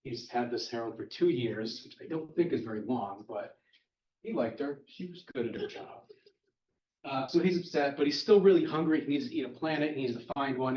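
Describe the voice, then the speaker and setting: Recapping a comic book plot for his podcast, a man with a darkish, mid-range voice sounds chatty and wry, speeding through the plot points. Slight background noise sits under a roomy, distant, dull-sounding mic.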